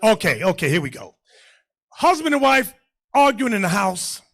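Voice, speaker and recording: This bishop leads his class like a lively sermon, raising his voice to a shout and performing the characters in his stories. He speaks in a high voice at an ordinary speed.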